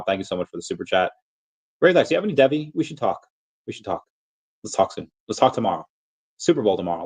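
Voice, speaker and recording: Man, lower voice, casual livestream host, meandering and filler-heavy. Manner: rambling, thinks aloud with many fillers. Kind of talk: casual livestream chat reading super chats.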